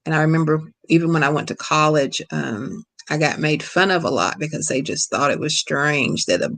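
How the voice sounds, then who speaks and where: A middle-aged woman from Kentucky with a Kentucky accent, an author answering questions over a video call in a relaxed, storytelling way. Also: deep voice, moderate pace. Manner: relaxed, storytelling, laughs easily. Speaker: guest author. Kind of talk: casual lecture Q&A.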